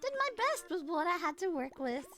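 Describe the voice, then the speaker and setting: A woman voicing a calm, literal-minded wish-granting servant girl with a deadpan, matter-of-fact delivery. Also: very high-pitched, fairly quick, faint music behind, full character voice.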